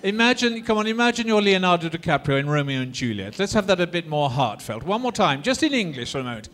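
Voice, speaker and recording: A man with a high voice lectures a class on opera, talking fast in a lively, theatrical style. He demonstrates phrases and coaxes the students into repeating lines.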